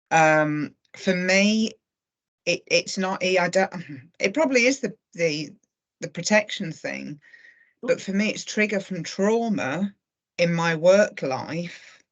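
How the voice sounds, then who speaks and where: A woman in her fifties, a workshop participant, sharing her own experience in a reflective and candid way. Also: fairly low pitch. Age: 50s. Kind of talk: personal sharing.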